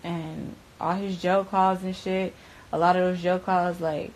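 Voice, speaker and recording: A woman's voice: fairly low pitch, flat delivery, unhurried, a little mellow, slight background noise, poor audio. A young adult woman from Broward County, Florida, telling a story as an interview guest. She talks in profane, slangy bursts and keeps saying "bruh.". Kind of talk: candid storytelling.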